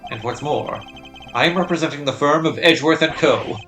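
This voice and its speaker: A man reading a proud, composed male investigator's lines aloud while streaming a game, slow and resolute. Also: a little high, fairly bright tone, roomy sound, soft background music.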